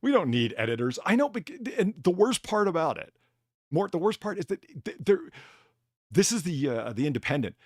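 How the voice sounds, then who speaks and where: A man hosting a casual stream chat, talking in an animated, profane way and acting out quotes as he narrates a clip. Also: fairly high pitch, brisk, no room sound, clean studio sound. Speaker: stream host.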